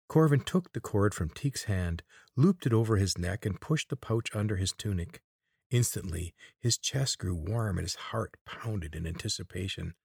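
A man narrating an audiobook in a steady, even storytelling manner. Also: lowish voice, moderate pace, creaky, husky, no echo, clean studio sound.

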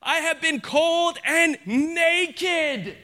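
An ancient apostle recites his hardships, as a male preacher reads him aloud. The voice is high and bright, declaimed with dramatic weight. Each phrase lands like a proclamation. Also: drawn-out words, full character voice. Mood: fervent.

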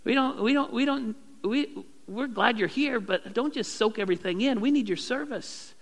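A male pastor preaching a sermon, acting out prayers in a raised, animated voice. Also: very high voice, normal speed, creaky, big-room sound.

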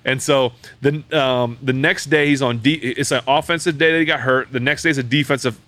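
A man hosting a podcast recorded at a brewery, telling a story in casual chat, animated and full of fillers and restarts. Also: mid-range voice, fairly quick, dry recording. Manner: animated, acts out quoted voices, many fillers and restarts. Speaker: podcast host.

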